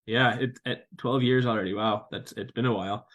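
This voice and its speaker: A man in his thirties hosting a farming podcast, reading a smooth intro and then chatting with a guest. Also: mid-range voice, steady tone, brisk, fairly bright tone, rough recording. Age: 30s. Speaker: podcast host. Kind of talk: scripted intro, then casual interview.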